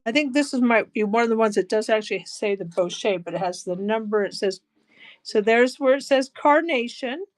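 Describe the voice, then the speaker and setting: Excitable woman selling jewelry live. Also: on the high side, moderate pace. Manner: chatty, excitable, gushing over items. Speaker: live-stream jewelry seller. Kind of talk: live auction selling chat.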